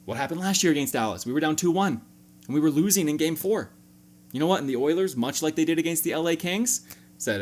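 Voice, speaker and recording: A man hosting a sports fan reaction video. He breaks down the game casually and jokingly, with sudden animated jumps. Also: on the high side, fast talker.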